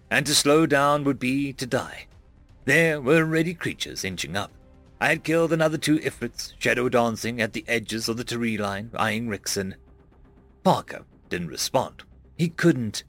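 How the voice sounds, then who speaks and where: A man narrating a web serial in first person, dramatic and expressive, dropping to a hush at pauses. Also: mid-range voice. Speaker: audiobook narrator.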